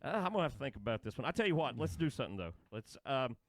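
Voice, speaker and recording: A man's voice: medium pitch, racing, no room sound. Casual male co-host, drawl, rambling storyteller, dry studio mic. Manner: rambling, laughing, excitable storytelling. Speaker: podcast co-host. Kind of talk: casual chat.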